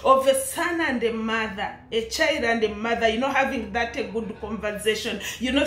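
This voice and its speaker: A woman's voice: sits high, animated, normal speed, hardly any pauses, a bit bright, roomy sound, a little hiss or hum. A woman with an East African English accent ranting in commentary, indignant and laughing, firing rhetorical questions. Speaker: commentary vlogger.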